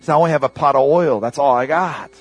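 A man preaching a sermon as pastor of a church, calling out to the congregation for responses and swinging between loud bursts and hushed asides. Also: mid-range voice, quick pace, slightly rough, dry recording, lo-fi sound.

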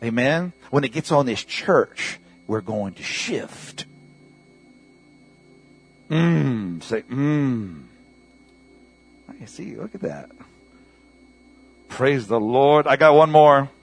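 A man preaching in church with a husky, slightly rough voice, rising to loud bursts and dropping to near whispers as he calls on the congregation to answer. Soft music plays faintly beneath him. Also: mid-range voice, animated, very slow, long pauses. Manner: call-and-response preaching, swinging from loud bursts to hushed asides. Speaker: pastor. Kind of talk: sermon.

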